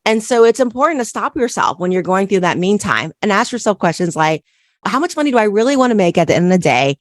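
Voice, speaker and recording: A woman's voice: medium pitch, animated, fast talker, no echo, studio quality. A woman accountant hosting a solo business podcast, coaching listeners and repeating key questions with frequent "right?" checks.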